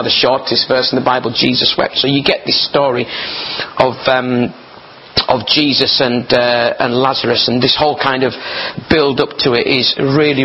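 A man preaching informally, reading scripture aloud and stopping often to comment in a chatty, digressive way. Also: mid-range voice. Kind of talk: informal sermon with Bible reading. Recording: slightly dull sound with faint noise.

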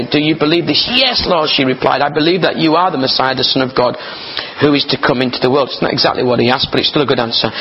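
Chatty preacher, slightly dull sound. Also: male voice, on the high side, slight background noise. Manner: chatty, digressing, laughs between readings. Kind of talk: informal sermon with Bible reading.

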